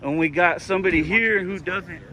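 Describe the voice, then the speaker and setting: A man's voice: high-pitched, a little fast, bright, forceful tone. A man filming police with a handheld camera outdoors, arguing heatedly and repeating his demands over and over. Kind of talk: heated street confrontation. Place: outdoors by a parking area.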